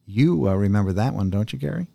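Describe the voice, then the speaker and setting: A man hosting a radio show, speaking in a measured, formal way with many filler pauses. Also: fairly low pitch, lively intonation, vocal fry, warm tone, no room sound. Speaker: host.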